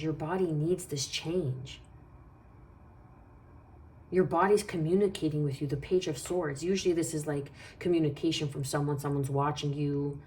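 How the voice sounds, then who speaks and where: A woman's voice: deep voice, a little mellow, slight background noise. A woman giving a casual tarot reading, talking in a meandering, reassuring way and thinking aloud as she goes. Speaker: tarot reader.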